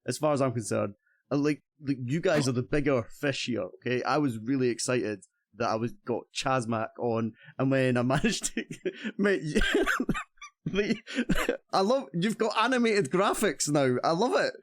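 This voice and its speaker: A cheerful Scottish man hosts a relaxed gaming livestream, chatting with guests and tripping over his own words as he restarts his sentences. His voice sits at an ordinary middle pitch for a man. The recording is dry, with no room sound. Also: normal speed, no room sound. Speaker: streamer host. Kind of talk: casual stream chat.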